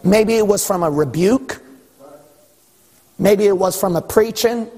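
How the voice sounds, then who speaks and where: A man delivers a sermon in a high, husky voice, pressing each point and climbing to shouts. His voice carries a long reverberation, as in a church hall. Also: measured pace. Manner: emphatic, rising to shouts, acts out voices of God and listeners. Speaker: pastor.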